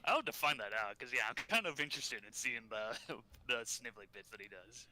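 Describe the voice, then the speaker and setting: A man's voice: medium pitch, very animated, brisk, a crowd in the background. A man co-hosting a podcast in casual chat, chuckling often and rambling as he searches for words. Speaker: podcast co-host.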